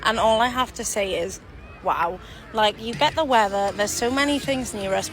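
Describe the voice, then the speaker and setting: A woman's voice: fairly high pitch, normal speed. Gushing woman over music. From United Kingdom. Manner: enthusiastic, gushing. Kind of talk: travel vlog. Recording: music behind the voice.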